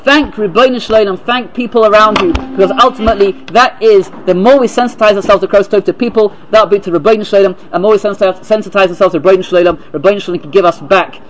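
A man giving a sermon as a rabbi, halting and repeating words, then reading a story aloud. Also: sits high, fairly bright tone, low-quality recording.

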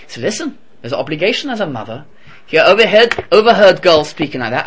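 A man giving a Torah lesson in a lively, conversational storytelling manner. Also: a little high, quick pace, husky. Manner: animated, conversational. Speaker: Torah teacher.

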